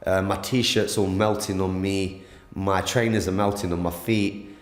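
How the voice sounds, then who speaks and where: A man giving an emotional first-person account of an attack, halting with many stammered restarts, recorded in a hospital room. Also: low voice, steady tone, echoey room. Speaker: interviewee, attack victim.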